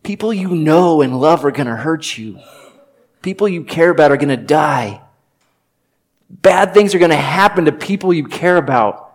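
A man's voice: on the high side, animated, normal speed. Man preaching in a conversational tone. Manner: personal storytelling, conversational and earnest; joking asides. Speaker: pastor. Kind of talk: sermon.

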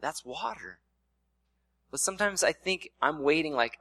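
A man's voice: a little high, expressive, moderate pace, bright, forceful tone, dry recording. A man preaching a sermon in a casual, conversational way, slipping in playful voiced asides. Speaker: pastor.

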